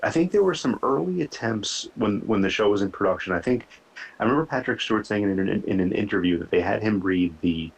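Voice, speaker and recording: Man, very low voice, podcast co-host, rambling, repeats himself, casual review chat. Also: lively intonation, a little fast, gravelly, slightly rough, poor audio. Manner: rambling, repeats words, many "you know" fillers.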